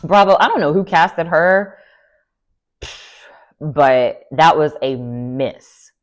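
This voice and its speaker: A woman's voice: sits low, slow. Chatty woman recapping reality TV. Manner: chatty, animated, full of fillers, laughing asides. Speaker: recap vlogger.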